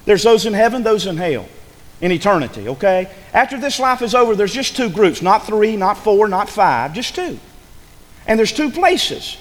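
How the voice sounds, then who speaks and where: Pastor, man, high-pitched and fiery, booming shouts dropping to near whispers, reverberant church hall. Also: big pitch swings, moderate pace. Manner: fiery preaching, swinging from loud shouts to hushed lows. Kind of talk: sermon. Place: church sanctuary.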